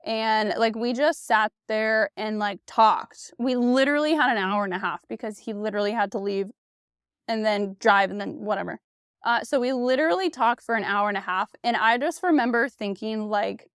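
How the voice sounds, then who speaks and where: A young woman hosting a casual podcast about dating, chatty and animated, full of fillers and swearing. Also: on the high side, fairly quick, smooth, dry recording, studio quality. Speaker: podcast host. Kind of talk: casual solo dating chat.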